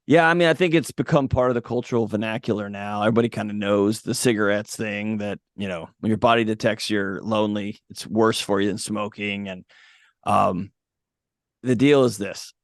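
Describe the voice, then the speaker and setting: A man's voice: fairly low pitch, moderate pace, dry recording, clean studio sound. A man talking as a podcast guest, giving blunt, emphatic advice in a casual way. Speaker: podcast guest, mental health author.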